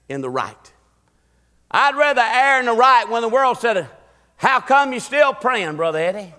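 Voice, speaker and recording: A man's voice: high-pitched, a bit bright, big-room sound. A man preaching a sermon, building emphasis with repeated rhetorical questions. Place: church sanctuary.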